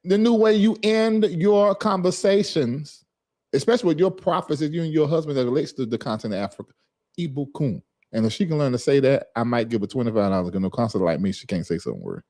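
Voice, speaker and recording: A man of middle pitch talks loosely to his live-stream audience, calling out viewers by name. He rambles, checks dates aloud and has them repeat a word after him. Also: animated, normal speed, dark tone. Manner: chatty, repeats and drills a word's pronunciation.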